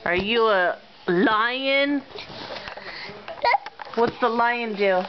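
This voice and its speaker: A woman's voice: fairly high pitch, extremely slow. A woman at home talking with a toddler in coaxing, sing-song baby talk. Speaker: parent. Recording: muffled home video with noise.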